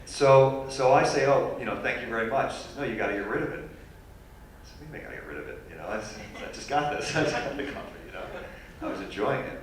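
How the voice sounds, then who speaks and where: A man telling a funny personal story as a guest speaker at a university lecture, animated and self-deprecating. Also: medium pitch, fast talker, a little hiss or hum. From New York. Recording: echoey hall recorded from far off.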